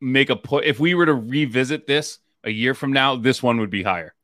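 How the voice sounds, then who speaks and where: A man's voice: mid-range voice, a little fast, fairly bright tone, no room sound, studio quality. A man co-hosting a casual comedy podcast, laughing and acting out quotes as he retells scenes. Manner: laughing, acts out quotes with voices. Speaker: podcast co-host.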